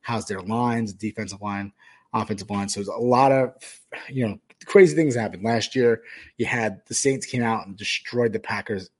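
A man with a fairly low voice hosts a casual sports podcast. He rambles through his betting picks, often restarting his sentences and leaning on fillers. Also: moderate pace, husky. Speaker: podcast host.

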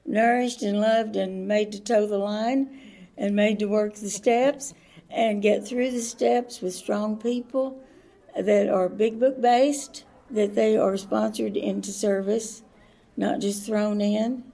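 A woman's voice: medium pitch, steady tone, slow pace, gravelly, mellow. A woman giving earnest interview answers at a conference. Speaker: conference attendee, AA member.

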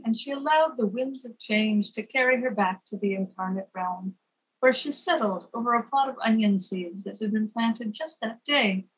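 Breathy lady narrating a fairy tale, slow, soft chanting bits. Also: on the high side, poor audio. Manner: slow, chanting softly on refrains. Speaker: storyteller. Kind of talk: scripted narration.

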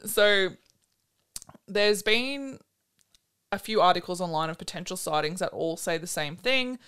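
A woman's voice: fairly low pitch, lively intonation, a little slow, fairly bright tone, clear, resonant tone. A woman, co-hosting a podcast in a chatty, giggly, rambling way with lots of fillers. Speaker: podcast co-host. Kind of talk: casual chat.

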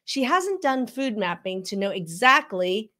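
Emphatic female health practitioner, live reaction commentary, teacherly and animated. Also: on the high side, unhurried. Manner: frequent "okay?" check-ins. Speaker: functional medicine practitioner.

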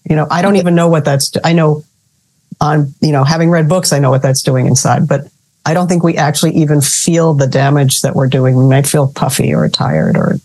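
A woman's voice: low voice, brisk, dark tone. A woman hosting a casual interview, chatty and relatable, with self-deprecating humor. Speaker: podcast host.

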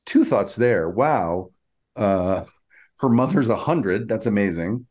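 Male podcast co-host, fairly low voice, steady and informative in casual chat. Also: slow pace. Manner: steady, informative, leads the recap. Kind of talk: casual chat, recapping an episode.

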